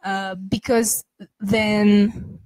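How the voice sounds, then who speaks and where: A woman's voice: medium pitch, little pitch movement, very slow, a little mellow, dry recording, poor audio. A woman speaking casually as a guest on a parenting podcast, chatty and full of restarts and asides. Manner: chatty, many restarts and "you know", laughs easily.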